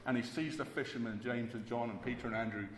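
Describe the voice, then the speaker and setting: A man's voice: medium pitch, fairly even intonation, fast, slight background noise. A man preaching a sermon emphatically, repeating key words for weight. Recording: echoey hall with faint ambience.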